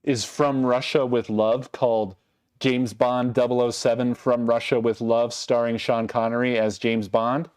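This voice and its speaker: A man's voice: medium pitch, flat delivery, a little slow, a little mellow, smooth. A man streaming and chatting casually with his viewers, ranting in mock exasperation while he sorts things. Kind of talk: casual livestream chat.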